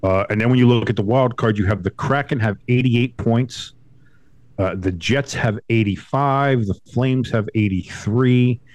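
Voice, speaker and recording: A man co-hosting a sports podcast from home, animated and profane, who slips into high mocking voices. The sound is close and dry, and his pitch sits in a middle range. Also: a little slow, no echo. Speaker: podcast co-host. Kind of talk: casual sports chat.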